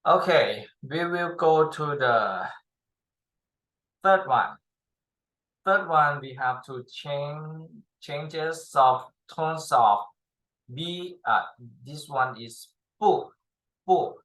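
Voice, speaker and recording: Slow, halting male language tutor. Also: fairly high pitch, fairly bright tone, rough recording. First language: Thai. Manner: halting, many fillers and restarts, non-native English. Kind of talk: slow spoken language lesson.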